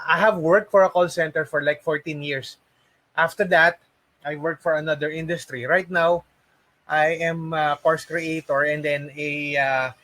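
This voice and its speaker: A man in his forties talks through a casual training lesson for call center hopefuls. His voice sits slightly high for a man, and he keeps pausing to ask "okay?" between restarts and fillers. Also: sharp tone, no echo, low-quality recording.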